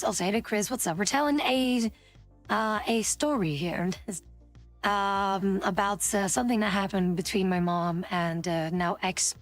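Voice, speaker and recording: Rambling woman streamer telling a story. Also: mid-range voice. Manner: rambling, many fillers and restarts. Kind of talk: casual storytelling to chat.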